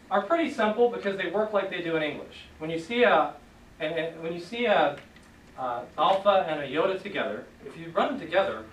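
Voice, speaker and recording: A man teaching a class, relaxed, leading students in repeating sounds. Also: fairly high pitch, slight background noise. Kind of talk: classroom lesson. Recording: echoey room, voice from far off.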